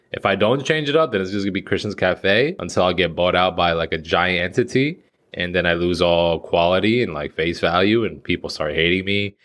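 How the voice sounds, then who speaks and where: Thirty yr old guy rambling on his podcast, cusses a lot, lowish voice. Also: a bit bright. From United States. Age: 30s. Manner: rambling, profane, self-mocking. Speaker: podcast host. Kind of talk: casual solo podcast monologue.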